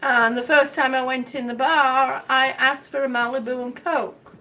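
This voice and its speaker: High-voiced older woman, rambling storyteller. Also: level tone, moderate pace, pushed and bright, far from the mic, low-quality recording. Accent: mixed American Southern and Midwestern. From Miami. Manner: chatty storyteller, rambling with restarts. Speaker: vlogger. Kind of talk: casual chat.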